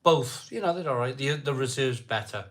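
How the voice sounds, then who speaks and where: A man's voice: medium pitch, lively intonation, moderate pace, fairly bright tone. A middle-aged man from South Wales with a Welsh accent, casually chatting on a live beer-drinking stream and answering viewers' comments in a jokey way.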